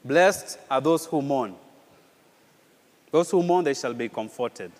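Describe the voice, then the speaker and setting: A man preaching a sermon in an animated way, with rhetorical questions and repeated phrases. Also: mid-range voice, takes it slowly, in a large hall. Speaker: pastor.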